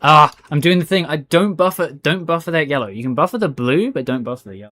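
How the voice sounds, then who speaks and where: A man's voice: mid-range voice, quick pace, hardly any pauses, a bit bright. A man streaming a game, talking to himself and his chat in a rambling, casual way and calling people "bro". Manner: chatty, rambling, says "bro" a lot. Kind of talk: live gameplay commentary.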